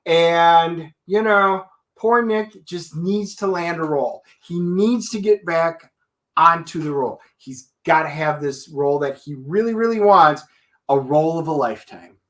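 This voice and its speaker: A man co-hosting a casual movie review chat, animated and quick to laugh. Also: on the high side.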